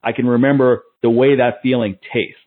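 A man talks fast and earnestly in a casual podcast, reflecting on his past jobs in a mid-range voice. The voice is somewhat husky. The audio is narrow and tinny, like a phone call. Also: medium pitch, flat delivery. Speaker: podcast host, fitness entrepreneur.

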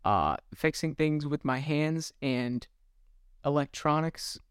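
Young man with a smooth, hesitant voice. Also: fairly high pitch, slow, no room sound, clean studio sound. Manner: hesitant, restarts often, many fillers. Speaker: podcast co-host. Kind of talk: casual chat.

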